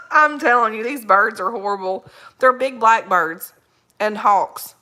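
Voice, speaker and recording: A woman's voice: fairly high pitch, takes it slowly, bright, forceful tone. A woman hosting a casual live chat, greeting viewers by name, rambling in folksy slang and laughing often. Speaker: livestream host reading viewer comments.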